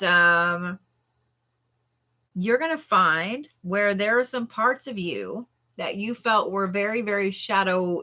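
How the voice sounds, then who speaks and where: A woman doing a chatty, animated live-stream card reading as a tarot reader. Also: medium pitch. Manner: chatty and animated, with frequent laughs and yawns.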